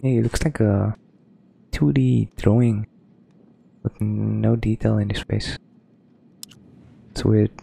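A man's voice: on the low side, fairly even intonation, takes it slowly, gravelly, pauses often, warm tone, slightly rough. A man giving casual, rambling let's-play commentary, hesitant and full of ums. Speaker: gaming streamer.

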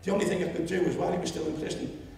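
A man in his seventies with a Liverpool accent, telling a story at a public meeting and rising to loud indignation. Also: fairly high pitch, flat delivery, very fast, slight background noise. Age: 70s. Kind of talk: impassioned public speech. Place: lecture hall. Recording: echoey hall, distant mic.

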